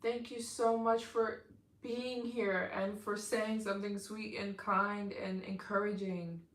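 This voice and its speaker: A woman's voice: mid-range voice, level tone, takes it slowly, echoey room. A woman live streaming, chatting casually with viewers and thanking them for donations, tired and yawning.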